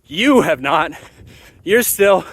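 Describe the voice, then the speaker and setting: Male commentator, high-pitched, animated and emphatic solo monologue. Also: slow, breathy edge. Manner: animated, emphatic, repeats phrases for effect. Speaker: parenting commentator. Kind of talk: solo ranting monologue to camera.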